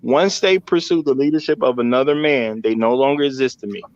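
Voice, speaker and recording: A man's voice: medium pitch, a little fast, darkish tone. A man speaking bluntly and emphatically as a guest on a live panel. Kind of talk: casual call-in chat. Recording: dry, dull lo-fi line.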